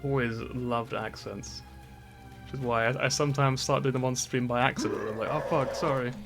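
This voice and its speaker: A man's voice: medium pitch, fairly even intonation, fairly quick, vocal fry, music in the background. A man streaming a video game, chatty and self-deprecating, swearing and laughing often. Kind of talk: casual game commentary.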